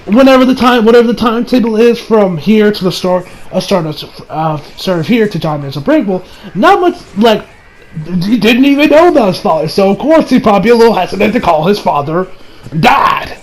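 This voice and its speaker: Brief: high-voiced young male reviewer, rambling recap, bursts into loud acted-out lines. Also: a little fast. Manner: rambling, excitable, acts out quotes with sudden shouts. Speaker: anime reviewer. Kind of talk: casual episode recap and review.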